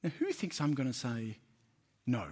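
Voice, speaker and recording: A man's voice: medium pitch, huge pitch swings, normal speed, a little mellow, slightly rough. A man preaching a sermon, conversational and emphatic, asking the congregation questions.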